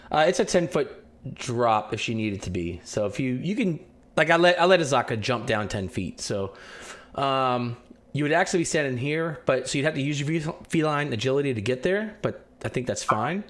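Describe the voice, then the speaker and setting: A man's voice: mid-range voice, lively intonation, moderate pace. A man running a tabletop game as game master, rambling and often correcting himself. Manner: rambling, self-correcting, amused.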